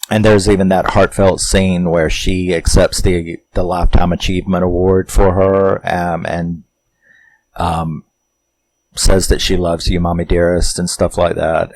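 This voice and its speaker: A man with a low, deep voice and a drawl talks through a movie he loves. He rambles, retells its scenes with plenty of fillers, and acts out the characters' lines. The tone is a loose, casual film recap. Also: low-quality recording. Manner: rambling, animated retelling with acted-out quotes and chuckles. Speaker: movie review host.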